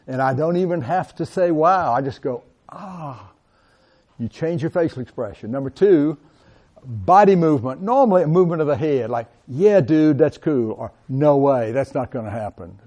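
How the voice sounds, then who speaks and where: A man giving a classroom lecture, animated and acting out sample replies as he teaches. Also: fairly high pitch. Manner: animated, acts out example replies. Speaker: college lecturer.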